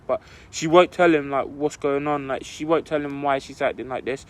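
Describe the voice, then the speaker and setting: A man's voice: fairly high pitch, fairly even intonation, normal speed, hardly any pauses. A young man telling a story on a casual podcast, rambling and full of "like" fillers.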